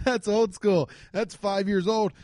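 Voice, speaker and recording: A man hosting his own podcast from home, ranting in a rambling, profane, animated way. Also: sits high, unhurried. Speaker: podcast host. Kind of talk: solo comedic rant. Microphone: desk microphone.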